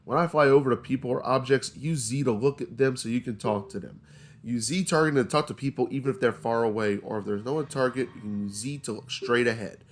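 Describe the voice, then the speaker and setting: A man's voice: mid-range voice, fast, close to an everyday voice. A man reading the lines of a bossy little female fairy companion in a game. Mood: instructive.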